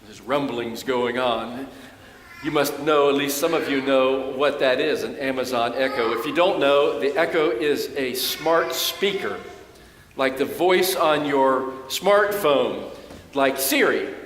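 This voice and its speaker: A man, a pastor, preaching a sermon in a church and telling a story, lively when he quotes others. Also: mid-range voice, slow pace, a little hiss or hum. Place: church sanctuary. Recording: echoey church hall with long reverb.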